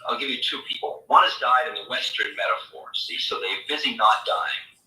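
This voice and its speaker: A man gives a spiritual lecture with a very bright, sharp-edged voice. He tells stories in an animated way and slips into the voices of imagined people. The room echoes, and he sounds set back from the microphone. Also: medium pitch, normal speed. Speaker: spiritual teacher. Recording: echoey room, mic far off.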